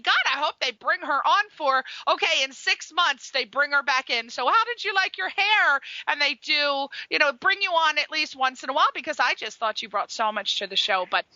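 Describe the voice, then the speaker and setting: A woman's voice: sits high, pushed and bright, dry recording, highs cut off. A woman radio host who talks in a gushing, exclamatory way with a lot of energy. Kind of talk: casual radio interview.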